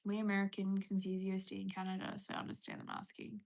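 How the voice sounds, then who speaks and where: A woman's voice: mid-range voice, completely flat delivery, fast talker, creaky, a little mellow. Chatty Australian woman live-streaming. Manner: chatty, reads viewer questions aloud and rambles through answers. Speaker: live streamer answering chat. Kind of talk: casual live-stream chat.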